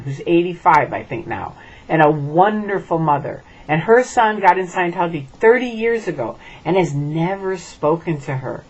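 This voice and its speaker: A woman's voice: lowish voice, husky, poor audio. A middle-aged woman from the United States gives an emphatic direct-to-camera message and keeps checking in with "okay?". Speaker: former member speaking out.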